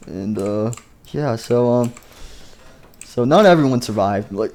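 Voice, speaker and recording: A man's voice: medium pitch, normal speed, darkish tone. A man casually narrating a game machinima story, rambling and filling gaps with "and stuff" and "like". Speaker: video creator.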